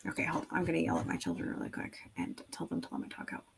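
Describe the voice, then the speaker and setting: A woman's voice: rapid-fire, a little hiss or hum. A woman in her thirties chatting casually and rambling with laughs while making a craft design on screen. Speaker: craft video creator. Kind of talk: casual screen-recording chat.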